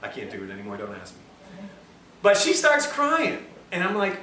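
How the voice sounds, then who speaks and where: Male lecturer, high and bright, jokey storyteller; echoey room, distant mic, faint ambience. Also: huge pitch swings, normal speed, a little hiss or hum. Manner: chatty, joking, self-mocking asides. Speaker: lecturer at a health institute. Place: lecture room at a health institute.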